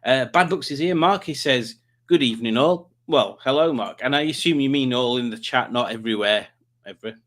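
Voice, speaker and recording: A man's voice: mid-range voice, brisk, a bit bright. A man hosting a live stream, chatting casually and joking while reading out viewer comments. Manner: playful, jokey, chatty asides.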